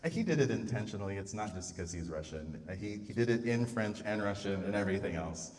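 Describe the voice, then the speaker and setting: A man's voice: lowish voice, animated, quick pace, few pauses, darkish tone. A man composer talking through how he sets words to music, thinking aloud with fillers and restarts. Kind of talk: live talk on setting words to music. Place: public venue. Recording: distant mic in a reverberant space.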